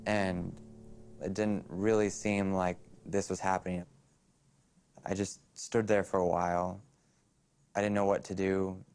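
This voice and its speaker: A young man in a documentary interview, recalling a loss in a halting, quiet way. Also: low-pitched, little pitch movement, smooth. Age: young adult. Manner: halting, quiet, grief-stricken recollection.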